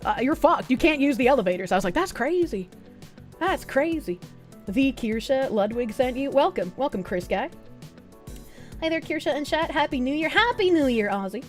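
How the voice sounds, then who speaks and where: A woman streams to her chat in a loose, rambling way, swearing freely and reading messages aloud. Her voice sits fairly high, and it jumps higher still when she laughs. Faint music plays under her talk. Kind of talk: casual live-stream chat.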